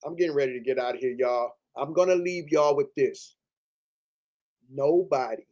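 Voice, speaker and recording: Medium-pitched and a little mellow, this livestream host speaks at normal speed while delivering a heated rant, swearing and repeating himself.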